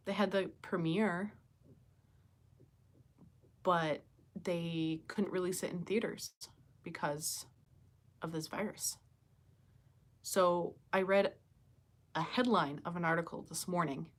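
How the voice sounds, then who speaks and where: A woman hosting a casual live chat from home, thinking aloud and reading out viewers' comments, with many fillers and questions to her viewers. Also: on the low side. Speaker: livestream host chatting with viewers. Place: home with pets nearby.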